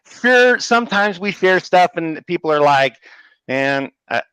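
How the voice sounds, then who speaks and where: Brief: male co-host, playful and teasing, animated and fairly high, dry close sound. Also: measured pace, clear, resonant tone, no room sound, rough recording. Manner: playful, teasing, hypes others up. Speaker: co-host of a comics livestream. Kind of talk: casual livestream chat.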